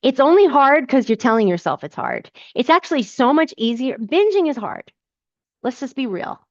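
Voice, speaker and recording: A woman's voice: high-pitched, big pitch swings, moderate pace, no room sound. Encouraging woman coach, dry dull sound. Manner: encouraging, emphatic, repeats key phrases. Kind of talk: live Q&A, reading out and answering comments.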